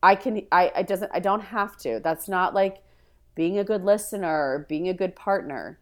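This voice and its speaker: Guest, female: low voice, frank, thinks out loud, restarts mid-sentence. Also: moderate pace. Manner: verbal processor, frank, thinks aloud in restarts. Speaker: podcast guest. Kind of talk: casual conversational interview.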